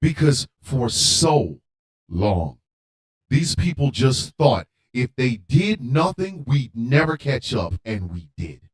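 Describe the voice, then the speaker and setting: A man hosting a radio show, delivering a heated monologue with emphatic repetition and occasional shouting. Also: mid-range voice, big pitch swings, slow pace. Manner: emphatic, repeats lines for force; rants, at times shouting.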